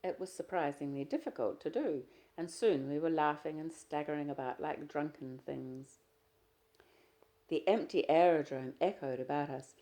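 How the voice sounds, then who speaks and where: Low, gravelly woman narrating a novel. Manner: measured, expressive first-person narration. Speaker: audiobook reader. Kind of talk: literary audiobook narration.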